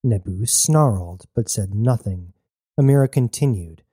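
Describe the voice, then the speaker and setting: A male narrator reads a story in measured, deliberate phrases, pausing often. His voice is very dark and mellow, and the close, dry recording has no room sound. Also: medium pitch, animated, dry recording. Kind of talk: scripted audiobook narration.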